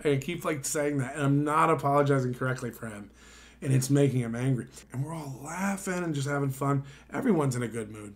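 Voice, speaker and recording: A man's voice: mid-range voice, a little fast. A tired man on a late-night stream, casually telling a story with swearing and mimicking the people in it. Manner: animated, swearing, mimics others.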